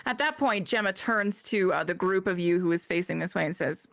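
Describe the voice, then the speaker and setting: A woman game master narrating a tabletop game in a deliberate, halting way. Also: lowish voice, gravelly, no echo.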